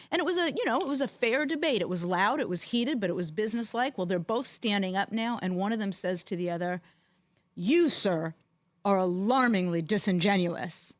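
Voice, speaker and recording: A middle-aged woman co-hosts a podcast and spins animated anecdotes, slipping into quoted voices as she goes. She sits at an ordinary pitch for a woman, recorded close and dry with no room sound. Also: dry recording. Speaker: podcast co-host, former team executive. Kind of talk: storytelling in casual chat.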